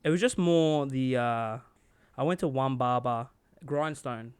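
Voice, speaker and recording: A man's voice: medium pitch, a little slow, a little mellow, clear, resonant tone, no room sound. An Australian man telling stories in a rambling, swearing casual chat.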